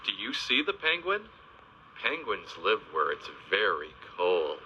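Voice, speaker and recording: Slow sing-song man narrating for kids. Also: fairly low pitch, very animated, a little hiss or hum. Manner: gentle, exaggerated teacherly emphasis on animal names. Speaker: narrator of a children's video. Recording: dull, lo-fi old video soundtrack.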